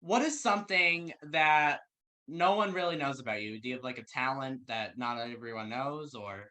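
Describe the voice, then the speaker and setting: A friendly interview host asks questions and encourages the guest with short affirmations. The voice is bright and sharp, at a middle pitch. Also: animated, moderate pace.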